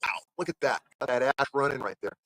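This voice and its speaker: Lively rambling man hosting a live show. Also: mid-range voice, fast talker, poor audio. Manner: animated, acts out other people's lines in the stories; rambling, with frequent fillers and restarts. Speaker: livestream show host. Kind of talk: casual rambling storytelling.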